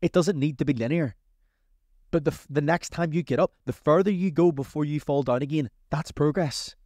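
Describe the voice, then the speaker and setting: A man hosting a casual advice podcast as a coach, talking in an energetic, chatty, motivational way. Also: on the high side, moderate pace, no echo, clean studio sound.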